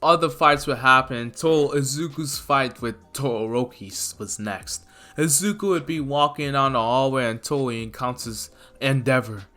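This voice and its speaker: Bright-voiced man narrating casually. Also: medium pitch, normal speed. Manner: rambling, filler-heavy, self-correcting. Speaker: fan story narrator. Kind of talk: casual fan-fiction narration.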